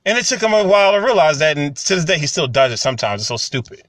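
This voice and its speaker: A man's voice: a little high, fast, no room sound. Talkative man, dry close sound. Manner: conversational, animated when retelling stories. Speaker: commentary channel host. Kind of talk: casual monologue to camera.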